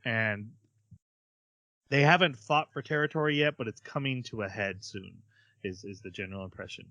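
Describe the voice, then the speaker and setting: A man's voice: on the low side, normal speed, bright, forceful tone, no echo. A man hosting a podcast, casually recapping an episode in a chatty way with many fillers. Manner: chatty, hesitant with fillers, acts out quotes. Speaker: podcast host.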